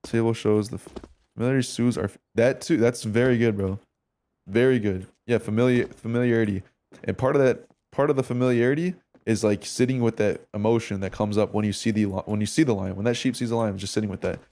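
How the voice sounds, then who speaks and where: Laid-back, low-voiced male game streamer. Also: brisk. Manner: relaxed, slangy, swears, thinks aloud to chat. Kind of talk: casual live-stream commentary and demo review.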